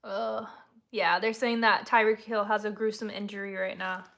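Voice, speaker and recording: Bright-voiced woman streamer. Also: mid-range voice, little pitch movement, moderate pace, creaky. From San Antonio, Texas, USA. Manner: chatty, rambling storyteller who laughs often. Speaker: livestreamer. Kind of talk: casual chat with viewers.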